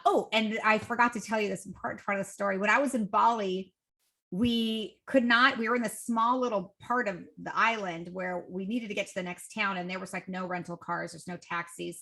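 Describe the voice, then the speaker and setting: A woman in her forties with a bright, forward tone, chatting as a podcast guest. She tells her stories with energy and slips into the voices of the people in them, raising her pitch for quoted lines. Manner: lively, acts out quoted dialogue with raised pitch. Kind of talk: casual interview storytelling.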